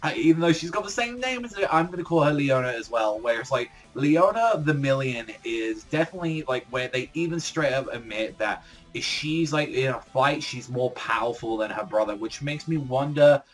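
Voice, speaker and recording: Male reviewer, mid-pitched, loose and excitable, swearing freely, faint music bed. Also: normal speed. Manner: rambling, heavy filler words, swears often. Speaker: manga reviewer. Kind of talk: casual reaction commentary.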